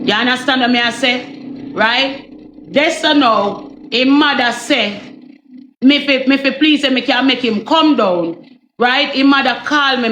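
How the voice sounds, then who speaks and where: Jamaican woman, casual storytime, high voice, echoey room, faint hiss. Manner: animated, repetitive, asks "you understand me?". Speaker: storyteller vlogger.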